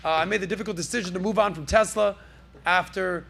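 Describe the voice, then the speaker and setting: A man's voice: high voice, fairly even intonation, quick pace, gravelly, fairly bright tone, slight background noise. A man hosting a casual pop-culture podcast, riffing in a brash, jokey, salesman-like way from a podcast studio. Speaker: podcast host.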